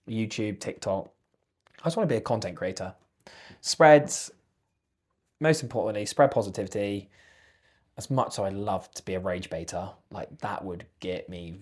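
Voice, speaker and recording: A young man in his twenties talks as a podcast guest, loose and jokey. He chats casually, swears freely and keeps things animated. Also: fairly low pitch. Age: 20s. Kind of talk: casual chat.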